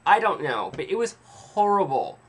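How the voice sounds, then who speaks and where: A man's voice: sits high, big pitch swings, moderate pace, a bit bright, a little hiss or hum. Rambling self-deprecating man vlogging. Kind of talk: casual storytelling.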